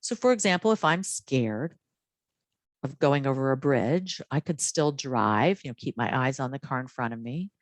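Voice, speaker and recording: A woman presenting a wellness training talk to healthcare workers in a calm, measured, encouraging way. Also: very deep voice, dry recording.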